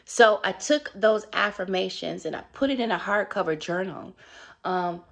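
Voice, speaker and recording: A middle-aged woman talks to her viewers in a loose, chatty vlog, upbeat and encouraging. Her voice has a gravelly, fry-edged texture, and she sits in an everyday mid-range pitch. She talks freely and keeps dropping in fillers. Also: moderate pace. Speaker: wellness vlogger. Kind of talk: casual motivational vlog.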